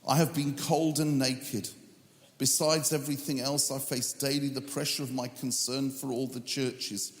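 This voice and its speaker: A male preacher reading scripture in a slow, measured way, breaking in with humorous asides. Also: medium pitch, flat delivery. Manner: reads scripture in a measured, drawn-out cadence. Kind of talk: sermon. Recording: echoey hall with long reverb.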